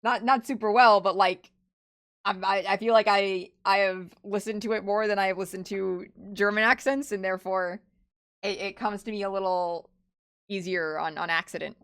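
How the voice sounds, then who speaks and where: A woman's voice: medium pitch, steady tone, normal speed, a bit bright, smooth. A young woman streaming a game, chatting casually with lots of restarts and swearing. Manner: rambling, stammering, many restarts.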